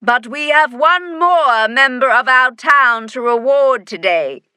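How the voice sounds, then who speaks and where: A proud female wolf mayor, put on by a woman reading a storybook, makes a grand public announcement. Her voice rides high and strong with a ceremonial ring. She speaks slowly and deliberately for effect. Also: animated, bright, forceful tone, smooth, no room sound, full character voice.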